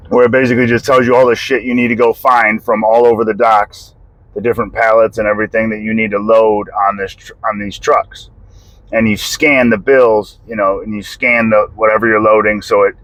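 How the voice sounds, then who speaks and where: A man's voice: on the low side, a bit bright, no room sound, low-quality recording. A man from the United States telling a personal story in a casual, rambling way, full of "like", swearing and short laughs. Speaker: vlogger telling a family story.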